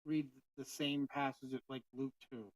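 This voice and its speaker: A man's voice: mid-range voice, fairly even intonation, normal speed, no room sound, recorded from a distance, rough recording. A man co-hosting a casual faith podcast, talking in an earnest, reflective way with many fillers. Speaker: podcast co-host.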